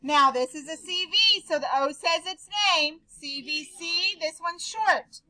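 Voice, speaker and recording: A woman teacher with a very high, bright voice walks her class through a phonics drill. She talks slowly and deliberately, giving short prompts one at a time, in a classroom. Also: poor audio. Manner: slow, deliberate, instructive.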